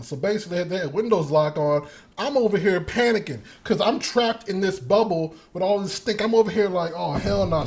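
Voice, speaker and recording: A young man hosting a show, telling a story in a casual monologue. He is animated and profane, laughs often, and acts out the quotes. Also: on the high side. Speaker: podcast host.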